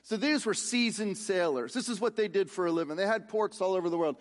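A man's voice: high voice, expressive, a little fast. A man preaching a sermon, reading scripture aloud and explaining it with frequent restarts. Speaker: pastor.

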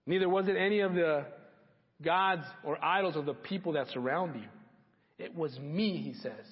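A man preaching a sermon with a voice that sits a little high for a man. He drives his points home by repeating key phrases. The live recording sounds dull and carries a long hall reverb. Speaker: pastor.

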